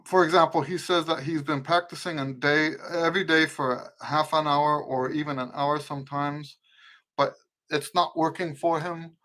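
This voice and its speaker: A middle-aged man with a somewhat high voice and a mixed American accent rooted in Western Pennsylvania. He hosts a casual live trumpet Q&A in a rambling way, often breaking off and rewording his sentences. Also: fairly even intonation, moderate pace, pushed and bright. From eastern United States. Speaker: trumpet teacher and show host.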